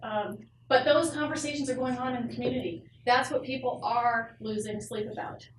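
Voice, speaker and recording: A woman's fairly high voice, caught from a distance in an echoey meeting room, works hesitantly through her point with stammered restarts. She talks conversationally, like a school board member weighing in during discussion. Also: steady tone, moderate pace, a little hiss or hum.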